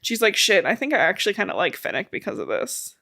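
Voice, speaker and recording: A woman's voice: medium pitch, sing-song, fast talker, vocal fry, bright, forceful tone. Young woman co-host with a slight lisp; loose, rambling recap delivery with casual swearing. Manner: rambling, swears casually, acts out quoted lines. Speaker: podcast co-host. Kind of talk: casual book recap chat.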